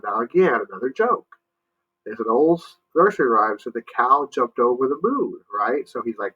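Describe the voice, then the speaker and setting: A man's voice: mid-range voice, animated, moderate pace, breathy edge, dull audio. A male teacher reading a picture book aloud to children. He stops to explain words and asks the kids to join in.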